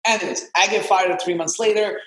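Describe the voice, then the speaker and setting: A man in his twenties, a podcast guest, telling his story in an animated, casual way and swearing freely. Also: high-pitched, a little fast, reverberant, low-quality recording. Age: 20s.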